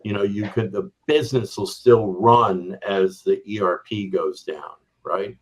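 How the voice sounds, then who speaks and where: A man's voice: on the low side, measured pace, husky, low-quality recording. A middle-aged or older man, a business guest on a podcast, explaining his points through examples and often checking in with "right?". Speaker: guest, business strategy executive. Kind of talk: conversational explanation on a remote podcast.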